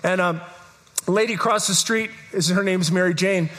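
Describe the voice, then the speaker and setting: A man's voice: high-pitched, fairly even intonation, normal speed, fairly bright tone. A middle-aged man preaching a sermon as pastor, telling stories earnestly, often restarting and repeating words.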